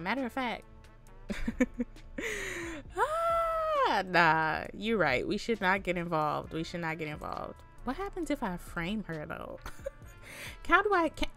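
A woman hosting a casual let's-play, chatting to viewers in an animated, exclaiming way with frequent laughs and slang. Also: mid-range voice. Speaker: gaming channel host.

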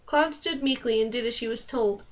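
Brief: woman narrator, high voice, calm storybook reading. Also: moderate pace. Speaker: audiobook narrator. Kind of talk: scripted narration.

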